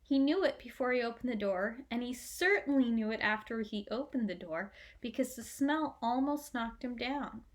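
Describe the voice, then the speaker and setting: Woman narrator, children's chapter book, gentle and expressive, slightly high voice. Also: normal speed, few pauses. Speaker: audiobook reader. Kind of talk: storybook narration.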